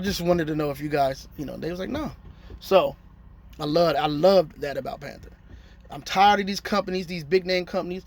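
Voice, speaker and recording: A man's voice: a little high, normal speed, darkish tone. A man in his thirties, a truck driver telling a story in a casual, slangy vlog and acting out his phone calls.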